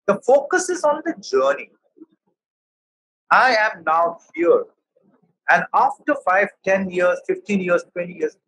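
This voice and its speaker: A man's voice: high-pitched, fairly bright tone, slightly rough, rough recording. A man with an Indian English accent, a professor giving an emphatic motivational talk. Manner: emphatic, storytelling.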